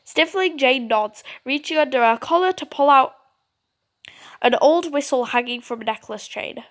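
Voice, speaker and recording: A young woman playing a story game, reading the narration aloud in an expressive, dramatic way. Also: high voice, moderate pace. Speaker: gaming creator.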